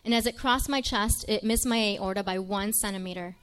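A woman's voice: a little fast, clear, resonant tone. A woman missionary telling her own story to a live audience in a conversational way, speaking straight to her listeners. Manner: dramatic, acts out quoted lines in a much higher voice; conversational, addresses listeners directly.

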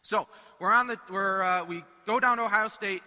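High, bright-voiced man telling a story. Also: moderate pace, in a large hall. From United States. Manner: animated and humorous, acts out quoted voices. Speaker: speaker at a Catholic renewal rally. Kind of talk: storytelling talk to a live audience.

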